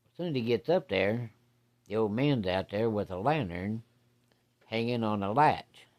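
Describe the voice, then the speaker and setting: A man spinning a folksy yarn in an easy, unscripted way. His voice sits a touch low, and his talk is salty and blunt, with plenty of cussing. He keeps the story rolling along casually. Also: lively intonation, a little slow, darkish tone. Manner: folksy, salty, uses profanity.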